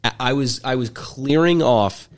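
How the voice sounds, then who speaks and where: A podcast storyteller in his twenties, a man with a medium-pitched voice, tells a story a little slowly in casual conversation. He rambles with lots of fillers and restarts, and his delivery is wry and jokey.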